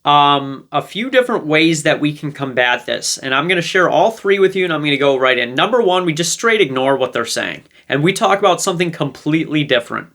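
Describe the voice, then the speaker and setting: A man's voice: on the high side, lively intonation, fairly quick, few pauses, bright, forceful tone. A man hosting a relationship advice video, explaining casually and checking in with 'okay?' after his points. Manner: conversational, with many fillers and restarts. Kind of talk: casual teaching monologue.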